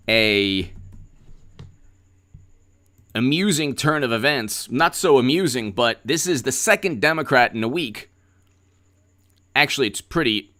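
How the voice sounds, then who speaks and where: A man's voice: medium pitch, sharp tone. A man hosting a political commentary livestream, talking in a sarcastic, rambling way with stammered repeats.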